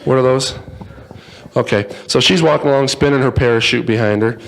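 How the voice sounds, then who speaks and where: Brief: a man as speaker telling a joking story, lively and playful. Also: mid-range voice, brisk. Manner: playful, acts out voices, jokes with the audience. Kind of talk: humorous storytelling talk. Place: in front of a live audience.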